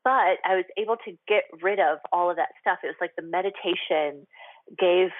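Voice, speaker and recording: A woman's voice: on the low side, moderate pace, no echo. Chatty woman host on a tinny line. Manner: chatty and confessional, heavy with "like" and "um". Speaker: radio show host. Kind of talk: candid solo talk on a radio show. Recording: tinny phone-line sound, dry.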